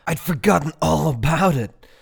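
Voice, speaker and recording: A man voicing an awkward young man who bursts out loudly and eagerly, then turns sheepish. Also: animated. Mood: excited. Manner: high, loud and rushed with enthusiasm.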